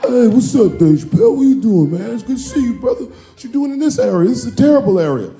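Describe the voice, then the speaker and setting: A man voicing a brash, loud male bodyguard. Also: very high-pitched, very animated, fast talker, faint music behind, pitched above the performer's own voice, exaggerated voice. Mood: brash greeting.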